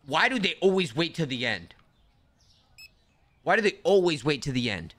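A man's voice: fairly high pitch, sing-song, moderate pace, pauses often, fairly bright tone. A young man giving casual, slangy commentary while playing a store game, talking to himself and to the characters on screen. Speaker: gaming streamer.

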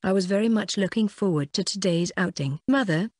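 A woman's voice: medium pitch, brisk, a little mellow, no echo. A woman reading a first-person light novel aloud as an audiobook narrator, with a dry, wry inner-monologue manner.

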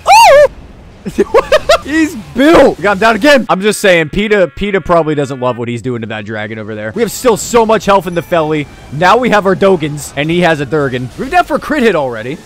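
A young man narrates his gameplay with a high, lively voice that leaps up and down. He is excitable, yelling and joking through the fight. A faint background hiss sits under the voice. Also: quick pace. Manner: excitable, yelling and laughing at the game. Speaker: gaming YouTuber. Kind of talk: let's play commentary.

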